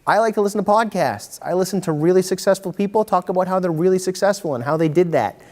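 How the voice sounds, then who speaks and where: A man giving a lively workshop talk to parents, acting out kids and parents in quick voices. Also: high voice. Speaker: workshop presenter. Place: meeting room. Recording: hall reverb from a community-TV taped talk.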